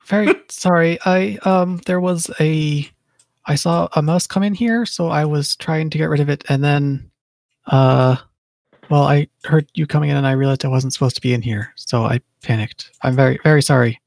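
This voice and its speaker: Nervous player rambling an excuse in character, gravelly, dry room. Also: medium pitch, steady tone, normal speed, a little mellow, dry recording. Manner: nervous, stammering. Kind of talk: in-character role-play.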